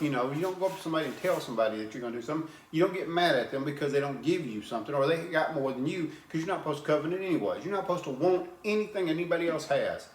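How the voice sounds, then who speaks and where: A man gives an informal sermon in a plain, earnest way, often stumbling over and repeating his words. His voice sits a little high for a man. The sound carries a noticeable echo from the room. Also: slight background noise. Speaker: preacher. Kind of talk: informal sermon with scripture reading.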